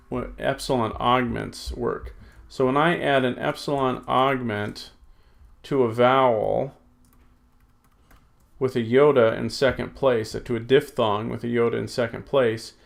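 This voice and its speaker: A man's voice: medium pitch, vocal fry. A man teaching a recorded lesson, thinking aloud as he types and correcting himself with many fillers. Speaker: Greek teacher. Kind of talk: recorded lesson, working through exercises.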